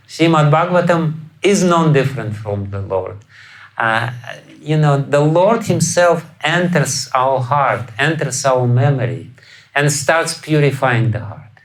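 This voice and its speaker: Lecturing on scripture in a lecture hall, a Russian-accented man takes on the role of spiritual teacher with an animated, medium-pitched voice and a measured pace. Frequent chuckles and rhetorical questions punctuate his talk, and he voices quotations with sudden loud outbursts. The recording sounds rough.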